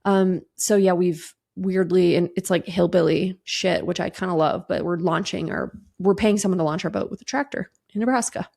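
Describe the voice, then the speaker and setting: A woman's voice: on the low side, fairly even intonation, normal speed, vocal fry, few pauses, darkish tone. A woman in her thirties hosting a casual solo podcast, chatting breezily, swearing casually and acting out quoted conversations. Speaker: podcast host.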